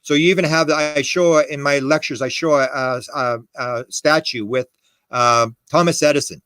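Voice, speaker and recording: His voice is a little high, steady, clean and fairly bright, delivered at a normal pace in a dry recording. As a podcast guest and UFO historian, the man tells emphatic, rambling stories in a lively conversational style, quoting dialogue and starting over mid-thought.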